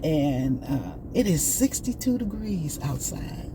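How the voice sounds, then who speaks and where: A woman hosting a casual vlog, chatting and telling stories in an animated way while out on a morning walk. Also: low voice, takes it slowly, noisy background. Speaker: vlog host. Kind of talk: casual chat.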